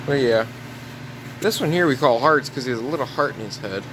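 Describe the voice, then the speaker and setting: A man giving a relaxed, rambling walk-through tour of his farm barn, talking into a handheld camera. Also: medium pitch, a little fast, noisy background. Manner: easygoing, rambling with many "so yeah" fillers. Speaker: farm vlogger.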